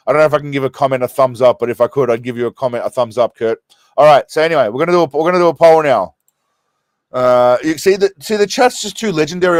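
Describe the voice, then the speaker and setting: A man's voice: medium pitch, dry recording. An Australian man hosting a casual live stream from a small room, rambling and laughing as he thanks his viewers and keeps getting sidetracked.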